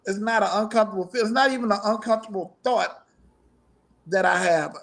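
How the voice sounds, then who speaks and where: A man's voice: sits high, fairly quick, creaky, a bit bright. A middle-aged man, a musician guest in a casual interview, talking in a rambling, profane way and laughing often.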